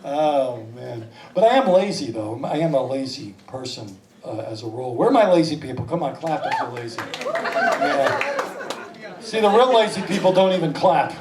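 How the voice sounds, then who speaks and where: A man's voice: fairly high pitch, wildly swooping pitch, moderate pace, noisy background. A man in his fifties doing stand-up comedy and slipping into exaggerated voices. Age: 50s. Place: small comedy club stage. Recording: echoey club from a distance, laughing crowd. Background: audience laughter.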